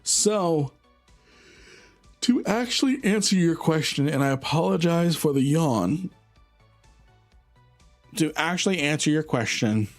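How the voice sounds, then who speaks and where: A man streaming a game, answering chat in a relaxed, rambling way with frequent laughter. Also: a little high, slow pace, pauses often, faint music behind. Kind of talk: casual live-stream chat.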